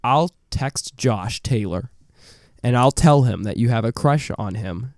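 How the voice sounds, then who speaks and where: A man hosting a podcast, teasing and giggly, talking in playful halting banter. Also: mid-range voice, lively intonation, no echo, studio quality. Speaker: podcast host.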